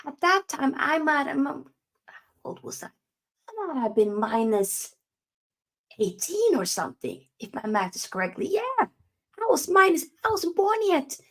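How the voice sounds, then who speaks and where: A woman's voice: sits high, sing-song, a little slow, a bit bright. A young woman hosting a live football match reaction, ranting emphatically and answering her own rhetorical questions. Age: young adult. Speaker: football channel host.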